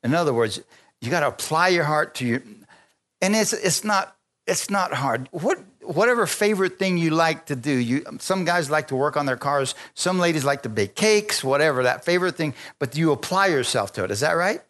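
A man preaching a sermon, telling stories with lively energy, stopping often to restart phrases and calling for amens. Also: fairly high pitch, normal speed. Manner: animated storytelling with frequent restarts and calls for amen.

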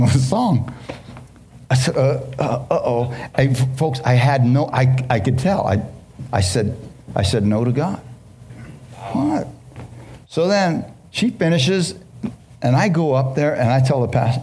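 A middle-aged man preaching a testimony to a congregation, impassioned and halting, with many restarts and questions thrown to the listeners. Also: mid-range voice, a little mellow, a little hiss or hum. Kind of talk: emotional sermon testimony.

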